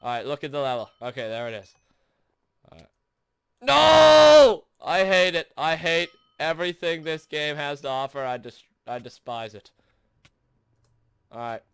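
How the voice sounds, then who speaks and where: A young man hosting a gaming video, commentating his own play in frustration, shouting and groaning between sarcastic mutters. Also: medium pitch, moderate pace, pauses often, clean tone, no room sound, studio quality. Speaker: gaming channel host. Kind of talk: raging let's play commentary.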